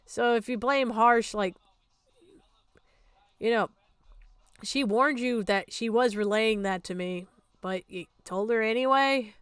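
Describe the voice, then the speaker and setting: A woman's voice: on the high side, slow pace, long pauses, clean tone, no echo. A woman streamer giving a ranting reaction commentary, exasperated, sarcastic and full of swearing.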